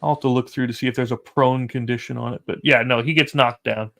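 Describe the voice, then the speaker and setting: A man's voice: medium pitch, steady tone, fast talker, vocal fry, fairly bright tone. A man running a tabletop horror game as game master, narrating dice results casually.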